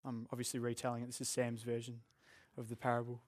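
A man's voice: mid-range voice, completely flat delivery, quick pace. A young man with an Australian accent, preaching a sermon to a church congregation in a candid, self-deprecating way. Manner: earnest, candid and self-deprecating, with joking asides. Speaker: pastor. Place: church room with a live congregation.

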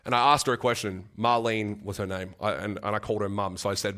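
A young man preaching a sermon and telling a personal story, earnest and halting, often repeating words and getting choked up. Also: on the low side, flat delivery, a bit bright. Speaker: guest preacher.

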